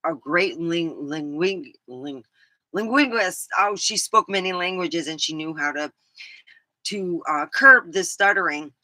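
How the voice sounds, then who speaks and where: Telling loose, casual stories as a vlogger, a California woman with an English-flavored American accent laughs often and says "um" a lot. Her voice sits lowish, bright and forceful, on a dry recording.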